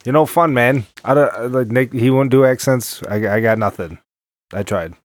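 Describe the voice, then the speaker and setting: A man's voice: medium pitch, a little slow, no room sound. A man co-hosting a podcast in casual chat, laid-back and joking, swearing freely. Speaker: podcast co-host.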